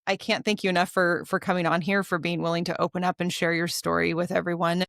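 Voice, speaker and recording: A woman's voice: lowish voice, level tone, fast, vocal fry, a bit bright, no echo, studio quality. Enthusiastic woman hosting a podcast. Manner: enthusiastic, reflective, with small restarts. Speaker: podcast host. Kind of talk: warm interview wrap-up.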